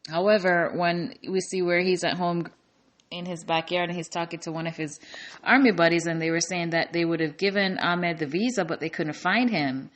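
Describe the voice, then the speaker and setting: A woman's voice: on the low side, steady tone, normal speed, fairly bright tone. A woman casually recapping a war movie's plot, chatty, with many fillers, restarts and emotional asides. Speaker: movie reviewer.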